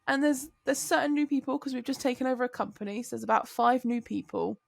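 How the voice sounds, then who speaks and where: A woman co-hosting a podcast, telling a story in casual chat, animated and swearing freely. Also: sits high, fast talker, creaky, dry recording. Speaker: podcast co-host, truck driver.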